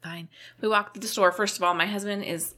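A woman's voice: mid-range voice, steady tone, a little fast, sharp tone. A middle-aged woman co-hosting a podcast, telling a story in casual chat and acting out the quoted voices. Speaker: podcast co-host.

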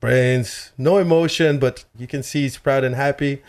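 A man telling a story in a casual chat, animated and swearing freely, with lots of "like". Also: medium pitch, moderate pace, few pauses. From Chile. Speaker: guest telling a travel story.

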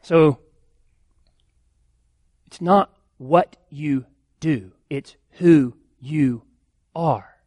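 A man's voice: on the high side, very slow, long pauses, darkish tone, dry recording. A man, a pastor, preaching a sermon earnestly, building emphasis with repeated phrases.

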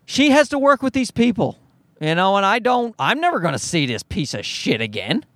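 High, lively man ranting. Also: normal speed, no room sound. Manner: profane, exasperated ranting. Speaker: vlogger. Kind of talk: ranting storytime.

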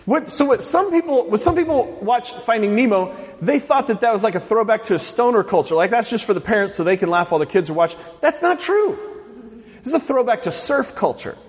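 A man's voice: high voice, animated, a little fast, big-room sound. A man from the US West Coast preaching a sermon as pastor, joking and asking the congregation questions. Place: church sanctuary.

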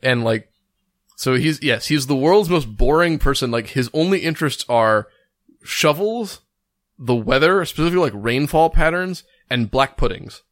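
A man's voice: mid-range voice, lively intonation, moderate pace, dry recording, studio quality. Rambling man, filler-heavy casual chat. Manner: rambling, packed with "like" fillers and restarts. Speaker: podcast co-host.

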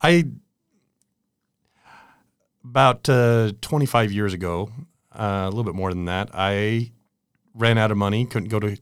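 A man's voice: on the low side, measured pace, long pauses, smooth, dry recording, studio quality. An American man in his forties, a guest in an interview, telling stories in a chatty way with laughs. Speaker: guest, product manager. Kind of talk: casual interview storytelling.

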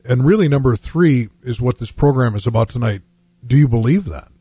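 Older man talking gently, husky and mellow. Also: mid-range voice, lively intonation, dry recording. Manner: gentle, halting, many fillers. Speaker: program host. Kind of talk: reflective radio talk.

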